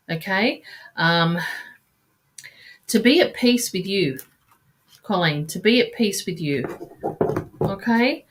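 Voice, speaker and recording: Female card reader, live stream; halting delivery, frequent sighs, endearments. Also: mid-range voice, slight background noise. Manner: calls listeners sweetheart and darling.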